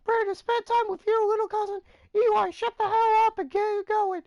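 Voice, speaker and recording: A man voicing an angry, bossy mother who is scolding, with a shrill, raised voice. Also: flat delivery, normal speed, darkish tone, no echo, highs cut off. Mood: furious.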